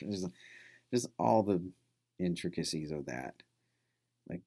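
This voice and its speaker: A man's voice: deep voice, creaky, darkish tone. A male instructor giving a casual recorded lecture, rambling with many fillers and restarts.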